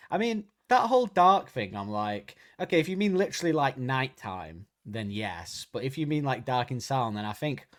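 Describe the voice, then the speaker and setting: Irish man, podcast host, rambling casual talk, laughs a lot. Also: medium pitch. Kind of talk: casual chat.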